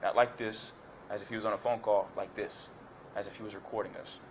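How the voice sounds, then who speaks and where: A man speaking to a judge as a defendant gives detailed testimony, hesitating, repeating himself, and restarting often amid many fillers. His voice is fairly low with little pitch movement, he talks fast, and there's a little hiss or hum.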